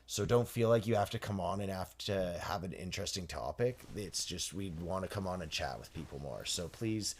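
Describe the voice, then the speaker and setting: A man co-hosting a podcast in casual chat, rambling and correcting himself as he goes, quick to laugh. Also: sits low, expressive, breathy edge. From Canada. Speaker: podcast co-host.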